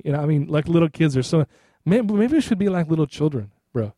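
Mellow-voiced male pastor preaching conversationally. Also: on the high side, animated, fast, no room sound, studio quality. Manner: conversational, repeats "right?" to the congregation. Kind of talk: sermon.

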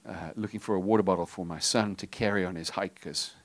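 A middle-aged man delivers a sermon, his voice sitting a little low. He mixes casual, joking asides with moments where he drops to a hushed, intense tone. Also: steady tone, fast talker. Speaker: pastor.

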